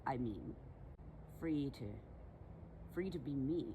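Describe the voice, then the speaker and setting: A woman's voice: a bass voice, animated, slow, dull audio, noisy background, heavily acted. A woman playing a bossy young milkmaid turned fae in a one-sided comedy sketch, talking in mock-archaic, huffy, self-important tones. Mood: indignant.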